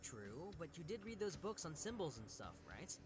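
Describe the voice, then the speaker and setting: A man voicing a boastful, goofy young male detective with a cocky, excitable manner. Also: a little high, normal speed, over music, voice pushed up.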